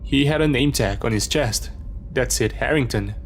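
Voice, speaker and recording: A man reading a horror story in a steady, measured scripted narration. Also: mid-range voice, a little hiss or hum.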